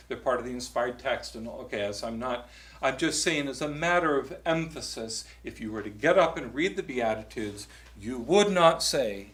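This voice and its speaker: A man leading a workshop on psalm chanting in a church, chatty and halting, with many fillers and restarts as he coaches singers. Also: mid-range voice, a bit bright, echoey room. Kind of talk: teaching a choral workshop.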